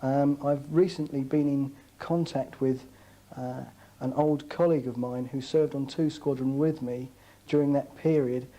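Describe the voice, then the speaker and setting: A man who served in the air force giving measured, hesitant testimony in a documentary interview, with frequent fillers. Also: mid-range voice, dark tone, low-quality recording. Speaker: former RAF serviceman interviewee.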